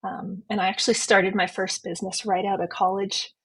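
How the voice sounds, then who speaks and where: A woman's voice: mid-range voice, level tone, a little fast, slightly rough. A woman in her thirties, a business coach, speaking as a guest in an upbeat, fluent way. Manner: upbeat, fluent self-introduction with a few fillers. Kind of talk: podcast interview.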